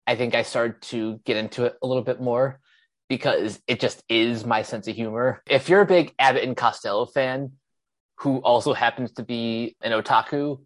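Relaxed man giving a review. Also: mid-range voice, moderate pace. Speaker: co-host. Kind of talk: casual anime review chat.

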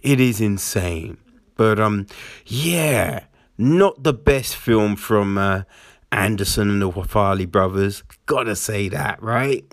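A man rants about current events in slow, drawn-out speech with lots of swearing. His pitch bounces a lot as his tone turns sarcastic. The voice is close and dry. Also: animated, no room sound. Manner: profane, sarcastic, keeps asking "right?". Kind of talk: casual commentary rant.

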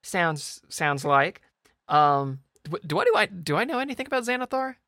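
A relaxed man at a tabletop game, chatting his way through the session. His voice is bright and crisp, recorded dry and close with no room sound. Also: high voice, normal speed, no room sound. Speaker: player. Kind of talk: casual tabletop game play.

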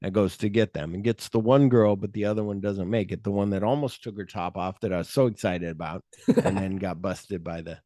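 A man's voice: low-pitched, fairly quick, no room sound. Dry-sounding man, casual movie chat. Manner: animated retelling, acts out quotes, swears freely. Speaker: podcast co-host.

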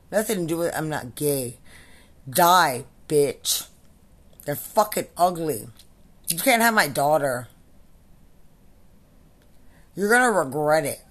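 A woman and military veteran delivering an angry, profane and repetitive ranting monologue. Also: low-pitched.

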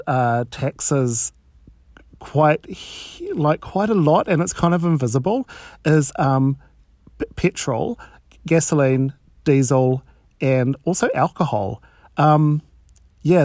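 A man with a New Zealand accent tells comic stories in a camp, animated way, swearing without a second thought. His voice has a gravelly edge, and the recording is dry and close with no room sound. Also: on the high side, no room sound. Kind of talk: stand-up style comic storytelling.

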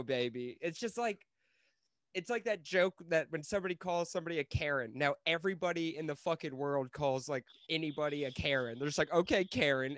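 A man's voice: a little high, fairly bright tone, dry recording, studio quality. A young man co-hosting a podcast, talking in a brash, casual way, swearing often and laughing between lines. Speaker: podcast co-host. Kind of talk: casual profane chat.

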